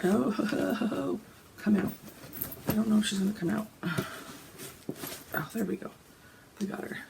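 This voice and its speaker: A woman, hoarse and gravelly from a cold, chatting casually about her cross-stitch plans and often clearing her throat. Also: unhurried, background noise. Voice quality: gravelly, deep. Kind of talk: casual chat.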